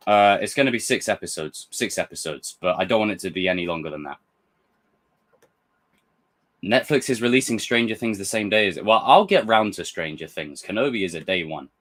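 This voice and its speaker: A man hosting a reaction video, talking in an excitable, rambling way with frequent restarts and swearing. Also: sits low. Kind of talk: casual reaction commentary.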